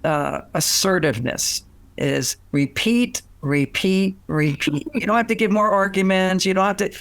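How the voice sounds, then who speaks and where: An older man giving relationship advice in a lively storytelling way, acting out what people said and laughing often. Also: high voice, unhurried, creaky, no room sound. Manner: animated, acts out quoted voices, laughs often. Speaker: relationship author and guest.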